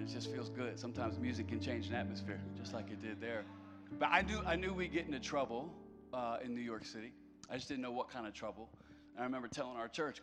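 A man's voice: mid-range voice, long reverb tail. A man preaching a conversational sermon as a pastor, mixing self-deprecating humor into his message.

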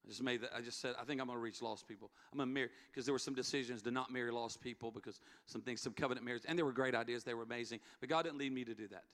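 A man's voice: medium pitch, steady tone, racing, hardly any pauses, a bit bright. A middle-aged man, a pastor, telling a story in an earnest sermon, repeating key words for emphasis. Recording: long hall reverb, faint music. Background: faint music.

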